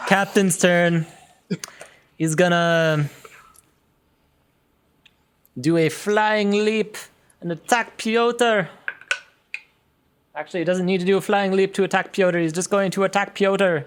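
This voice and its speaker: A man's voice: high voice, smooth. Man running a tabletop game. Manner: lively, playful narration with quick corrections. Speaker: game master.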